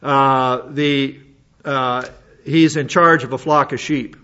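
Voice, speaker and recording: An older male pastor delivers a folksy, meandering sermon full of restarts and homespun asides. His voice sits in an ordinary middle pitch. The recording is a little dull and lo-fi. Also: fairly even intonation, slow, bright, forceful tone, smooth.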